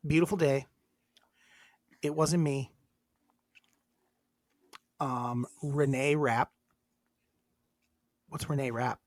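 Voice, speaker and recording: A woman's voice: extremely low pitch, fairly even intonation, drawn-out words, pauses often, darkish tone, no room sound. A woman co-hosting a podcast in casual chat, reading out lists and joking around. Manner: chatty, reads lists aloud, laughs and jokes. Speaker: podcast co-host.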